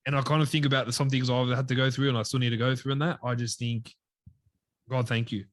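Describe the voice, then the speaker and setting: Soft-spoken man, dry sound. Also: mid-range voice, little pitch movement, rapid-fire, no echo. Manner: heartfelt, often drops to a quiet voice. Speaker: podcast co-host. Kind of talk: casual faith chat.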